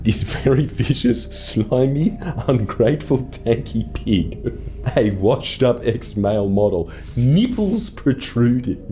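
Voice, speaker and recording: A man's voice: mid-range voice, animated, slow pace, mellow, slight background noise. A man presenting a scripted comedic commentary video in a sarcastic, mocking tone. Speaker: online video creator.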